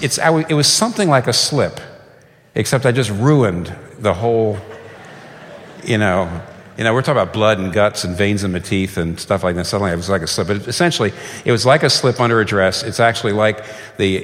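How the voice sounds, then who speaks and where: A man delivering a sermon, his voice swinging widely in pitch as he acts out quoted voices. He speaks at a middle pitch with lively energy. The sound carries a long reverb, as in a large hall. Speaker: pastor.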